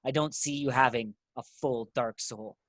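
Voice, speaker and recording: Brief: male player, earnest and declaiming, middle pitch, dry. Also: normal speed, fairly bright tone, no echo. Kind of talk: playing a tabletop game.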